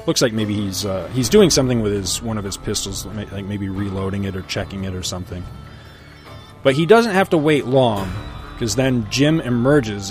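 A middle-aged man casually recapping a western comic book, telling it as a relaxed story with his own asides. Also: fairly low pitch.

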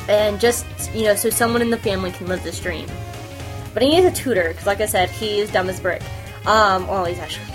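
A woman's voice: mid-range voice, poor audio. A woman hosting a podcast, reviewing anime in a rambling, casual chat with many fillers and giggles. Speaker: podcast host.

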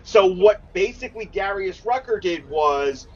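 A man's voice: on the high side, big pitch swings, a little slow, breathy edge. A man chatting casually on a podcast, opinionated and emphatic, swearing freely. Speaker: podcast co-host. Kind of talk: casual chat. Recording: dull lo-fi sound.

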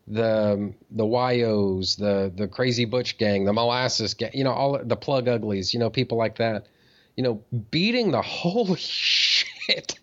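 A man in casual conversation tells a long story at a middling pitch, rambling through fillers and restarts and swearing freely. The recording sounds slightly dull and lo-fi. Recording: dull lo-fi audio.

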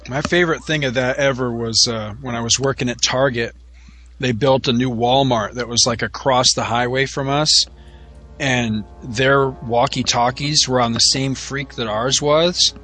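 Brief: male co-host, bright voice, wry and casual, with soft music in the background. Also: medium pitch, steady tone, moderate pace. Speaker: podcast co-host. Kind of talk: casual chat.

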